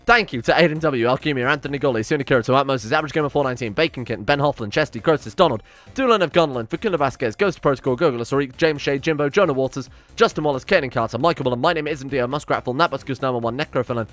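Fast-talking, swearing gamer man. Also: mid-range voice, a bit bright, faint music behind. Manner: swearing, exasperated, rambling. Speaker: gaming YouTuber. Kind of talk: strategy game commentary.

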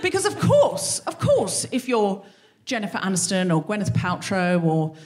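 A woman hosting a live comedy podcast, delivering a profane, animated stand-up monologue on stage. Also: medium pitch, moderate pace. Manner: profane, animated, acts out scenes. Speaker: podcast host. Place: live show on stage before an audience.

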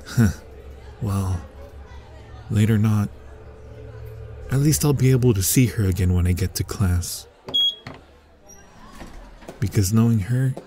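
A man's voice: lowish voice, dark tone. A young man voicing a smug, teasing male college bully in a whispered role-play, muttering to himself. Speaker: ASMR roleplay voice actor.

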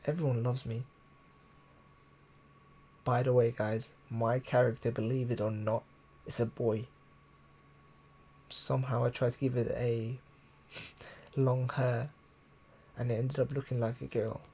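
A man's voice: mid-range voice, little pitch movement, measured pace, pauses often, a little mellow, slightly rough. A man streaming live gameplay, chatting casually, thinking aloud and reading viewer comments. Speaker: gaming streamer.

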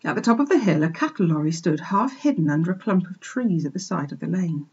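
A woman teacher expressively reading a children's book aloud for a remote class, pausing to point out pictures, on a dull lo-fi recording. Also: fairly low pitch, darkish tone, slightly rough. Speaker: primary school teacher. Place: home, remote lesson.

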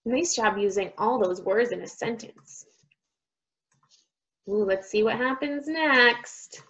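A young woman, a speech therapist, reading a picture book to children, slowly modeling sounds and praising each try. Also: on the high side, a bit bright, highs cut off. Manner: slow, drawn-out modeling of sounds, encouraging praise.

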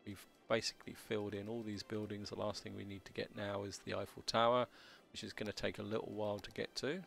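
A man with a low, gravelly, slightly croaky voice talks casually through a city-building game, stumbling and restarting his words as he goes. Faint game music plays softly behind him. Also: little pitch movement. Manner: halting, stammers and restarts while building. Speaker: let's play host. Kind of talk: casual gameplay commentary.

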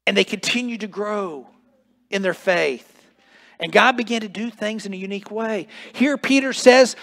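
A man with a fairly high voice preaches a sermon as pastor in a church sanctuary. He drives his points with stacked repeated phrases, now and then restarting a word as he goes. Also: normal speed, a bit bright.

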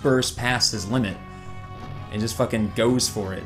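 A man's voice: mid-range voice, steady tone, normal speed, music in the background. A man co-hosting a let's play, chatting casually and animatedly, swearing freely and often laughing. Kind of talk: casual chat over gameplay.

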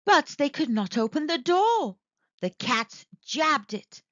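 A woman reading a children's storybook aloud in a slow, expressive, sing-song way. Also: high voice, no echo, dull audio.

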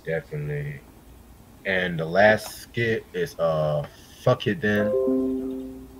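A man co-hosting an album review in casual chat, laid-back and unhurried, swearing casually and a little high. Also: big pitch swings, vocal fry, soft background music. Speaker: podcast co-host reviewing an album.

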